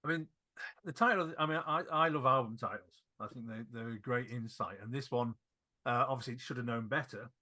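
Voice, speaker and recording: A man's voice: medium pitch, quick pace, bright, forceful tone. A man hosting a music podcast, asking chatty, thoughtful questions. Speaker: podcast host. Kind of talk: interview questions.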